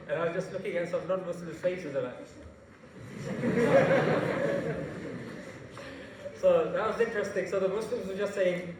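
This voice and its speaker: Man, animated jokey talk, high voice, very echoey hall, mic far off. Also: moderate pace, pauses often, very noisy. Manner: animated, jokey, slangy storytelling. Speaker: invited speaker. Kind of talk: public talk to students. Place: large university hall.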